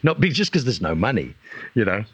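A middle-aged man, a guest actor, telling anecdotes in a lively way and acting out what other people said. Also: medium pitch, a little fast, slightly rough, no echo. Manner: lively storyteller who acts out other people's lines. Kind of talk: anecdotal storytelling. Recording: dull lo-fi recording.

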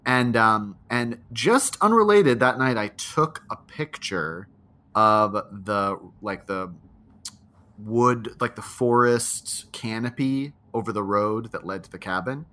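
A man's voice: lowish voice, slow pace, bright, forceful tone. A man co-hosting a podcast, reading a listener's spooky story aloud and chatting, laughing often. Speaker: podcast co-host.

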